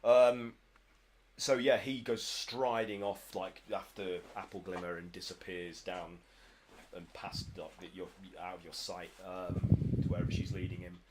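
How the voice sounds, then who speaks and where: A man's voice: sits low, fairly even intonation, measured pace. A British man running a tabletop game as game master, narrating in a rambling, stammering way, in a noisy home recording.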